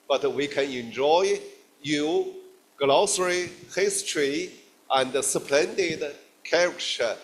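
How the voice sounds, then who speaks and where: Middle-aged Chinese-accented man, slow halting guest lecturer, lots of fillers. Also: a little high, slight background noise. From China. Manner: halting, many fillers and restarts.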